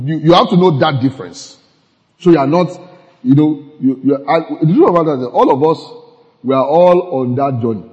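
Warm-toned and on the high side, a pastor gives an easygoing, conversational sermon, laughing often and checking that his listeners are following along. The recording sounds muffled, with long reverb from the hall.

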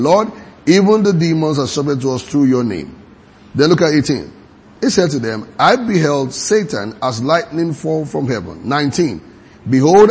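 A man preaching a sermon, reading scripture aloud slowly and quizzing his congregation with repeated questions. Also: a little high, slightly rough.

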